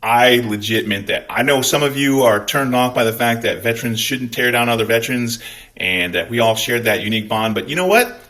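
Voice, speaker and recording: A man's voice: mid-range voice, steady tone, brisk, a bit bright. A Scottish man hosting his own channel, talking bluntly in an angry vlog rant full of swearing. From Scotland. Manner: blunt, heavy swearing, fired up. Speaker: channel host.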